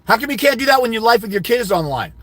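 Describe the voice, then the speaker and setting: A man's voice: very high-pitched, big pitch swings, racing, a bit bright, no echo. A man giving fathers' rights custody advice, ranting indignantly during a livestream while answering comments.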